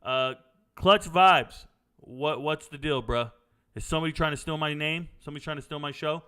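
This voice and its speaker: Man, middle-aged, bright tone, slightly high pitch, blunt, opinionated, casual chat. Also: normal speed, smooth. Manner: blunt, opinionated, drifts into stories. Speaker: sports commentary host answering viewer questions.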